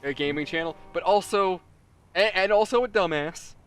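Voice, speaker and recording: A man hosts a gaming video as a let's play host, speaking at a normal speed in a high voice. He tells a story in casual chat, with lots of laughter and voiced quotes.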